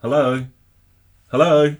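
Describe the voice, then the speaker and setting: A New Zealand man with a matching accent hosts a guitar channel, chatting casually about viewer comments. His voice is a little high with little pitch movement, and he takes it slowly, laughing often and asking "right?".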